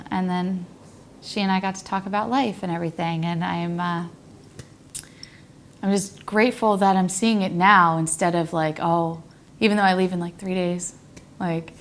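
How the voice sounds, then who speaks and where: A young woman talking reflectively in a rambling personal monologue, often saying "like" and dropping to a near whisper. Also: lowish voice. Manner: rambling, frequent "like", laughs, drops to near whisper.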